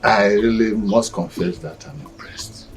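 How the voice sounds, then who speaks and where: An actor with a Nigerian accent playing a pleased middle-aged uncle blessing a suitor. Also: male voice, fairly low pitch, a little slow. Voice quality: expansive, approving. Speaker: uncle of the bride.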